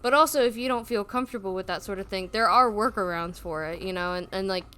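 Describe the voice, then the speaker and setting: A woman's voice: mid-range voice, fast, bright, forceful tone, clean tone. A woman with a Southern US accent, streaming from home and chatting casually, sometimes reading out chat messages. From South Carolina, US. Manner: hesitant, reads out chat messages.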